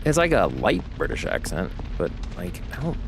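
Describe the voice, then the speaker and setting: Male streamer, rambling livestream commentary, animated voice, faint game music under him. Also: low-pitched, normal speed, gravelly. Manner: rambling, self-correcting, chatty. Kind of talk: casual gameplay commentary.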